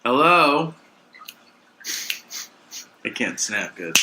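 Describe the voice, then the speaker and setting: Man, podcast co-host, crisp bright tone, teasing banter, faint hiss behind. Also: medium pitch, normal speed, poor audio. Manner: animated, teasing, mock-outraged. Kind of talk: casual comedic podcast banter.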